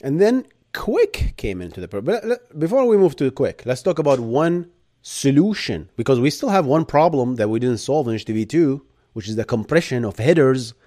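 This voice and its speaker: A man from Bahrain with an Arab accent, hosting a live tech lecture and answering chat, animated, shifting between loud bursts and quiet asides. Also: mid-range voice, normal speed. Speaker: live stream host.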